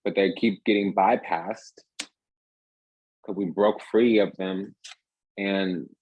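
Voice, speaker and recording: A man's voice: low-pitched, steady tone, slow pace, phone-quality sound, slight background noise. A man giving a rambling, emphatic casual tarot reading, talking restlessly from card to card. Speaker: tarot reader.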